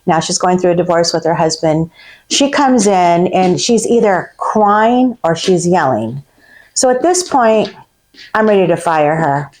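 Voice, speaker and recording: Woman, hairstylist, storytelling, candid, exasperated, slightly low pitch. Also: animated, measured pace, darkish tone. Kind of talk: storytelling to camera.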